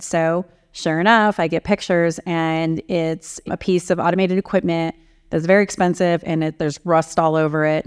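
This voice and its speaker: Candid woman CEO with a smooth voice. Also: on the low side. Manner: candid, reflective, self-critical. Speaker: CEO and author. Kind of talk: interview answers, storytelling.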